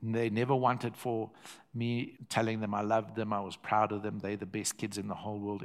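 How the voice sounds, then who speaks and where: A man's voice: fairly low pitch, flat delivery, normal speed. An older man with a South African accent, preaching a sermon built around a personal story and repeating phrases for effect.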